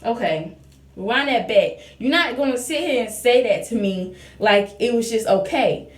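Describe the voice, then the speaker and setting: Young woman telling a story in a roomy space. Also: on the high side. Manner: lively storyteller, acts out quoted dialogue. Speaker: vlogger. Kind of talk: casual storytelling. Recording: roomy echo.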